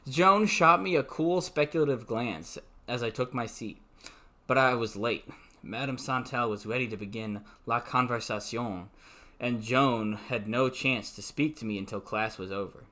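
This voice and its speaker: A man's voice: medium pitch, normal speed, pushed and bright. Amateur male reader, mocking, sarcastic, prone to swearing. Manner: sarcastic, swearing asides that break off the reading. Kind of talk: mocking dramatic reading.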